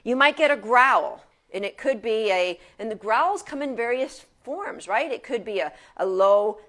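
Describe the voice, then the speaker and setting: A woman's voice: a little high, expressive, unhurried, fairly bright tone. A woman dog trainer giving an informal lecture from her couch at home in a chatty, casual way with frequent restarts.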